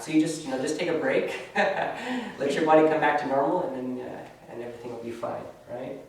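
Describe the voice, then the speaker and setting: A man teaching a yoga class in a loose, conversational way, often tagging his sentences with "right?". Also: medium pitch. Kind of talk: casual spoken class instruction. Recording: very echoey room, voice from far off.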